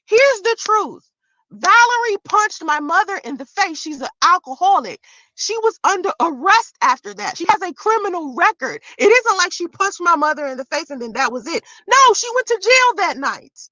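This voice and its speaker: A woman's voice: very high-pitched, sing-song, normal speed, sharp tone, dry recording, low-quality recording. A woman vlogger telling a story in a casual, profane rant, voice jumping into shrieks of disbelief.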